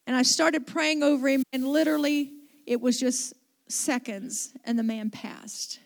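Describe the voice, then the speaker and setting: A woman's voice: high voice, steady tone, a little slow, gravelly. A middle-aged woman pastor telling a story in a conversational sermon, with restarts and asides.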